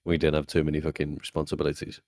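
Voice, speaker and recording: Very deep-voiced young man. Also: monotone, very fast, a little mellow, no echo, clean studio sound. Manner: blunt, swearing, storytelling with acted-out quotes. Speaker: podcast co-host. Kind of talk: casual chat.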